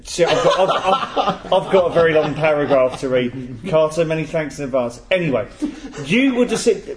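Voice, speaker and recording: A man's voice: fairly high pitch, animated, normal speed, over a noisy crowd. A man hosting a casual football podcast panel, reading out listener emails with jokes and stumbles. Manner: jokey, stumbles and laughs while reading. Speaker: podcast host.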